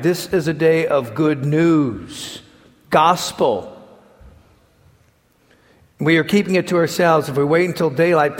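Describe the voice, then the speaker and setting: A man preaching a sermon, telling stories with lively acted-out quotes and sudden shouts. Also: on the high side. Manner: animated storytelling, acts out quotes and shouts. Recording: long hall reverb.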